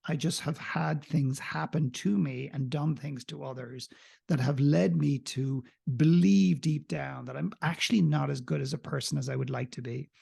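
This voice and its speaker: Raspy guy telling a story about himself, swears, pokes fun at himself, a bit high pitched. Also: normal speed. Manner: animated, profane, self-mocking. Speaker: podcast guest. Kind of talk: candid personal storytelling.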